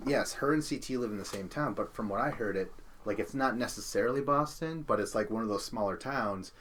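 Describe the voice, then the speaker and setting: A man's voice: on the low side, brisk, slight background noise. A man co-hosting a podcast, chatting casually about a reality show, laughing and quoting people as he goes. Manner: animated, laughing, mimics others in quotes. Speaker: podcast co-host. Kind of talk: casual recap chat.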